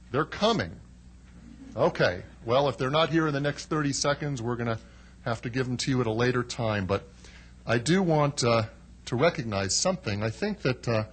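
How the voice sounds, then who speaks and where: A man's voice: medium pitch, lively intonation, moderate pace. Friendly guy presenting at a council meeting, cracks jokes, faint background noise. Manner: genial, joking, with many fillers. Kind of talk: ceremonial remarks.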